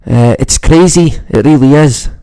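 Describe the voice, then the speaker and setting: A man's voice: medium pitch, a little slow, dark tone, no echo. A man with a Scottish accent from the northeast of Scotland, hosting a casual livestream chat and rambling with constant swearing. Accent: Scottish, northeast Moray. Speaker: livestream host.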